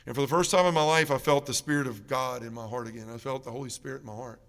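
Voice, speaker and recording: A man's voice: medium pitch, fairly even intonation, rapid-fire, a bit bright. A middle-aged man giving an earnest personal testimony at a parish mission, acting out the people in his story. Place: large church. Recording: long reverb of a church.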